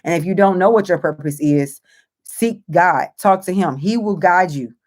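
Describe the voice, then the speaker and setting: A woman who is a host and author leads a motivational faith talk for her viewers, earnest and emphatic, repeating phrases and using many fillers as she encourages them. Her voice is fairly low and a little mellow, at a moderate pace.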